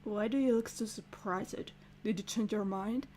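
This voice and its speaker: A woman's voice: medium pitch, moderate pace, warm tone, slight background noise, pitched below the performer's own voice, close to an everyday voice. A woman voicing an aloof young male crown prince as she reads game dialogue aloud, with a clipped, cool delivery.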